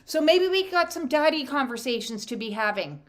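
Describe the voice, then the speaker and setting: A woman's voice: sits high, normal speed. A woman giving a spiritual oracle card reading in a conversational way, with frequent filler "uh" and dramatic acted-out quotes. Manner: animated, acts out quotes with dramatic voices.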